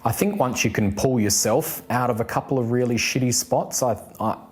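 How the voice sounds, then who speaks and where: A man's voice: medium pitch, faint music behind. Man speaking candidly in a mid-range voice. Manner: candid, earnest, measured. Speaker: interviewee. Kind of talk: reflective interview answer.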